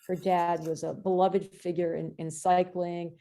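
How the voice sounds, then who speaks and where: A woman's voice: on the low side, a little slow, gravelly. A woman in her fifties, a film director chatting as a podcast guest, telling stories with lots of fillers. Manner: animated storyteller, many fillers. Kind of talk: casual interview chat.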